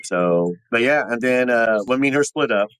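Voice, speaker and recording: A man, a podcast guest and former soldier, telling his ghost stories in a rambling, animated way and acting out the voices of the people in them. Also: mid-range voice, normal speed, smooth, no echo, low-quality recording. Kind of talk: casual storytelling of personal ghost stories.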